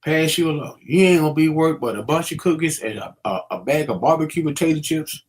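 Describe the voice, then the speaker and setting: A man's voice: on the high side, lively intonation, fairly quick, slight background noise. A middle-aged man giving casual, preachy commentary, using street slang and many fillers as he warns young people. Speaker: vlogger.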